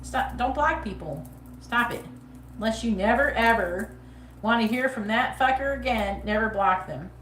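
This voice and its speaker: Speaking at a moderate pace with a slightly high, fairly bright voice, a woman hosts a live psychic reading on a livestream. She chats about tarot bluntly, profanely and sassily, in a casual way. There's a little hiss or hum, and the distant mic catches an echoey room.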